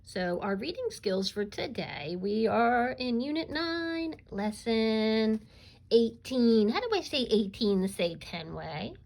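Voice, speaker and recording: A woman teacher giving a recorded reading lesson to young children, encouraging them to answer aloud and pausing on "um" fillers. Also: on the high side, expressive, vocal fry, a little mellow, low-quality recording. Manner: coaxing and encouraging, asks pupils to answer aloud; frequent um fillers while explaining.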